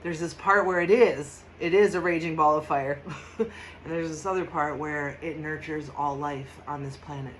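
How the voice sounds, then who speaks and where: Chatty woman reading tarot, slightly low voice. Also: fairly even intonation, normal speed, slight background noise, rough recording. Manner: chatty and emphatic, laughs often, bursts into loud mock shouts. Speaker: astrology and tarot host. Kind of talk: casual tarot reading monologue.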